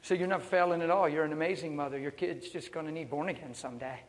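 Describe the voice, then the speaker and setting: A male pastor preaching a sermon with animated storytelling and rhetorical questions. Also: on the high side, quick pace, very noisy. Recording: long reverb of a large hall.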